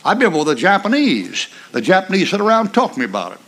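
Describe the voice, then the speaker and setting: An older man with a drawl, delivering a sermon in a rough, folksy style. His voice sits a little high for a man, and he drives his points home with emphatic repeats and mocking asides. Every so often he lets out a dry chuckle. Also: huge pitch swings, fast, a bit bright. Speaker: preacher.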